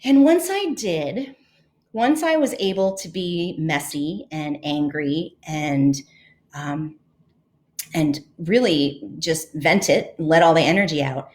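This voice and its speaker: A woman's voice: deep voice, a little mellow. A woman podcast host and leadership coach telling a personal story in an earnest, reflective way, with fillers and restarts.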